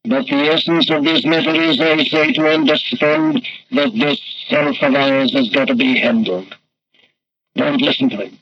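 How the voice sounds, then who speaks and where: A man's voice: mid-range voice, expressive, unhurried, creaky. A man preaching a sermon in an emphatic, rhetorical way, his voice swelling and dropping. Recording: dull lo-fi archival recording with faint noise.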